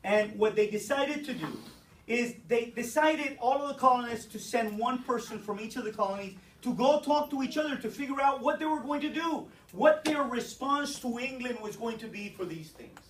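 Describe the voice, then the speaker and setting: A teacher giving a brisk classroom lecture, explaining step by step and checking in with the students. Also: medium pitch, slight background noise. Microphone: distant room mic. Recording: echoey classroom from far off.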